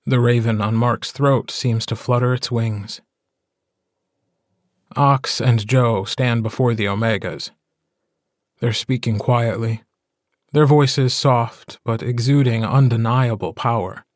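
A man narrating an audiobook in a calm, measured way. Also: medium pitch, no room sound, clean studio sound. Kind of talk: scripted narration.

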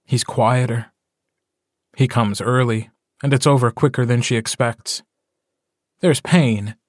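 A man narrating a story in a measured, even way in an audiobook. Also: medium pitch, no echo, studio quality. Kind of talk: scripted narration.

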